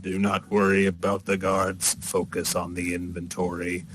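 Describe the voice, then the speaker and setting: A man voicing a humorless warforged construct who speaks slowly and formally. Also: low voice, slight background noise, pitched below the performer's own voice. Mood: stern. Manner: flat, slow, formal.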